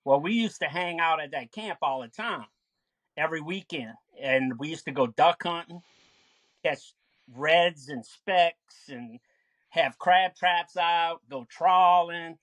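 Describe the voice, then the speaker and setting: A man, a podcast guest reminiscing about his childhood in a relaxed way. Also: on the high side, takes it slowly, no echo. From Westbank of New Orleans. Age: 60s. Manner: relaxed reminiscing, many fillers. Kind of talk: casual interview chat.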